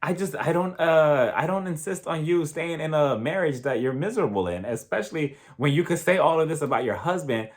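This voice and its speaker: A man's voice: on the high side, lively intonation, fairly quick, few pauses. A man giving a casual, opinionated recap of a TV episode, talking straight to his viewers. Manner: chatty, opinionated, addresses viewers directly. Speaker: TV show reviewer.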